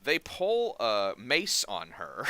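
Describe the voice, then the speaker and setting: A man's voice: fairly low pitch, wildly swooping pitch, takes it slowly, pushed and bright, a little hiss or hum. A man hosting a podcast, telling a long story in a rambling way, often restarting his sentences. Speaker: podcast host. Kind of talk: casual podcast chat.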